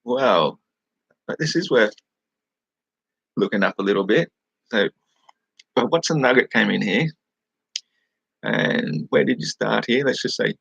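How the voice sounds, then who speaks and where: A man's voice: fairly low pitch, lively intonation, a little slow, gravelly, pauses often, fairly bright tone, slightly rough, no room sound, highs cut off. An Australian man from New South Wales hosting a casual live chat over a webcam, rambling, swearing freely and laughing at his own remarks. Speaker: live-stream host.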